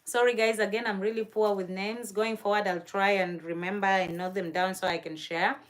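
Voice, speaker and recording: A woman's voice: medium pitch, steady tone, brisk. A young woman from Kenya hosting a casual livestream, chatting about places she wants to visit, gushing and laughing often, and answering viewer comments aloud. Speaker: livestream host. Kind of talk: casual live-stream chat.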